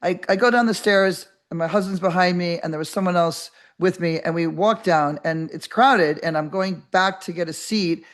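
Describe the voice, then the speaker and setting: An older woman hosting a podcast, telling a story in a rambling, animated way with many restarts and acted-out voices. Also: on the low side, moderate pace, few pauses. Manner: animated, acts out quoted voices. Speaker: podcast host. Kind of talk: casual storytelling monologue.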